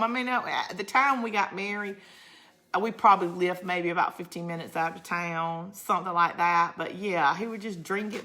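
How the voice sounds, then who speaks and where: Chatty Southern woman with a bright voice. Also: fairly low pitch. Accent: Southern US, Georgia. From Georgia, USA. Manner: chatty, rambling storyteller who laughs often. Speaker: crafting channel host. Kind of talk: casual livestream chat, reading viewer comments.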